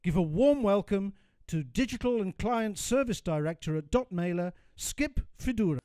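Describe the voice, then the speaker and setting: A man's voice: sits high, lively intonation, moderate pace, dark tone. A man reading a polished, scripted voice-over that introduces a speaker at an event. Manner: polished, announcer-like. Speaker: event announcer.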